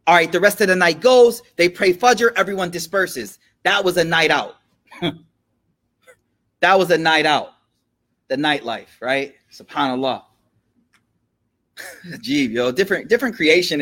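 High-voiced man teaching in casual slang. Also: a bit bright. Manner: conversational, slangy, checks in with listeners. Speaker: religious teacher. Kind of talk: casual storytelling lecture.

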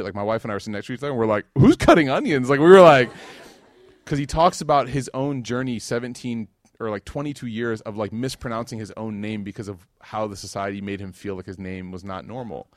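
A fast-talking American man with a lowish voice barely pauses as he gives a humorous, informal religious talk. He tells stories animatedly, acting out the dialogue, and the recording has no echo.

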